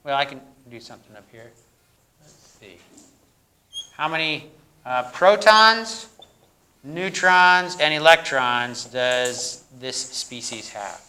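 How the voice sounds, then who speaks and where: A man's voice: medium pitch, lively intonation, slow, pauses often, pushed and bright. A male university lecturer teaching a classroom chemistry lecture, quizzing students and repeating their answers, with the odd corny joke. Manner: jokey, plays up corny jokes. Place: lecture hall.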